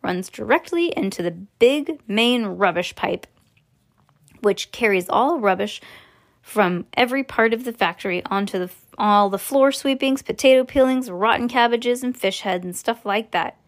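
Brief: woman reading as a cool, soft-spoken eccentric male factory owner, storybook. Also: a little high, expressive, moderate pace. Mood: calm.

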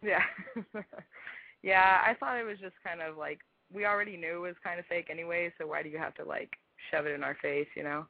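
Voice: medium pitch, fairly even intonation, a little fast, gravelly, no room sound. A young caller in their twenties from Texas, laid-back and rambling in a casual phone call. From Texas, USA. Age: 20s. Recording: dry, tinny phone line.

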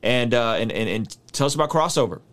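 A man hosting a podcast interview who introduces his guest with energetic, hyped delivery. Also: medium pitch, a little fast. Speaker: podcast host.

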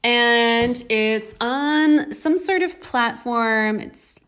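A woman co-hosting a casual podcast, reacting with wry, quick asides. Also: fairly high pitch, fairly bright tone. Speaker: podcast co-host.

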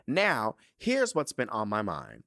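Podcast guy reading a listener letter, swoops all over, keeps breaking off all emotional, low voice, dry close sound. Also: huge pitch swings, slow, creaky, pushed and bright, no room sound. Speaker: podcast host.

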